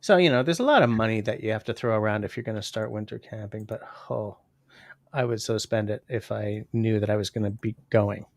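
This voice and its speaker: A man's voice: on the low side, fairly quick, no echo. Rambling fifty-year-old man, dry sound. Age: 50s. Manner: rambling, reads viewer comments aloud. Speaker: livestream host. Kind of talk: casual livestream chat.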